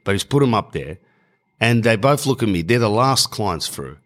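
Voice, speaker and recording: An Australian man tells a rambling, slangy comic story as a monologue, often correcting himself mid-sentence. His voice is lowish, with lively intonation and a normal pace.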